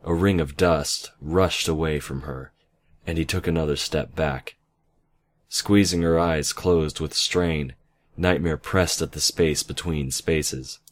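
Very deep-voiced man reading a story. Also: fairly even intonation, slow pace, a little hiss or hum. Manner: reads with casual asides and self-corrections. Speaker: reader. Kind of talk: fan fiction reading.

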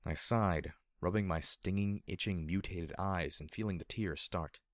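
Low-voiced guy reading a story aloud in first person, steady and low-key, very dry mic. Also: a little slow, no echo. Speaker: audiobook narrator.

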